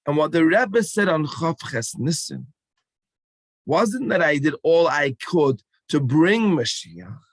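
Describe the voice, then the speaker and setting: Man, slow, dry-miked voice; emphatic, coaxing talk to a children's rally. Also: on the high side, very animated, dry recording. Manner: call-and-response, coaxing and emphatic. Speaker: speaker addressing children.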